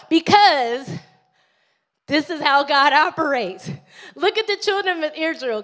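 Woman, pastor, high-pitched, animated live sermon, call-and-response. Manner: animated preaching, calls for amens, acts out prayers.

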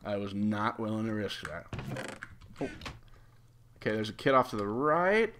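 A man giving casual, excitable commentary over a video game as a YouTube gamer, laughing often and swearing lightly. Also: lowish voice, moderate pace, background noise. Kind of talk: live gameplay commentary.

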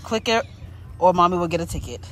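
A woman's voice: fairly low pitch, animated, quick pace, a little hiss or hum. A young woman and mother hosting a casual family vlog, talking playfully and upbeat with her kids outdoors and then in the car.

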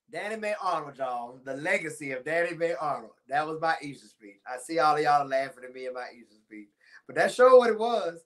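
A man's voice: on the high side, lively intonation, brisk. A man, chatting to viewers on a church livestream and telling a childhood story. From Timpson, Texas. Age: 40s. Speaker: pastor. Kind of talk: casual livestream talk to viewers.

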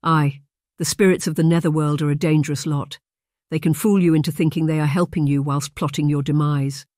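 An audiobook narrator voicing a kindly, mousy middle-aged aunt who speaks in a hushed stage whisper. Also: medium pitch, steady tone, a little fast, no room sound, clean studio sound, close to an everyday voice. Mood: ominous.

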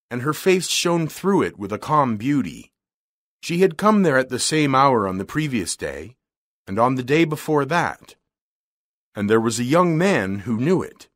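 Slow, measured male story reader. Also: mid-range voice, dry recording, clean studio sound.

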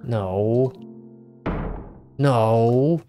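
A man speaking very slowly in a mid-range voice jokes and chats to himself while playing a game. It's let's play commentary from a gaming video creator, with faint game music in the background.

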